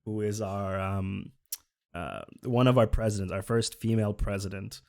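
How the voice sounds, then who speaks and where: A man's voice: fairly low pitch, normal speed, gravelly, a little mellow. A man from Finland, chatting earnestly as a streamer while reacting to a video, often correcting himself. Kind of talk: casual reaction commentary.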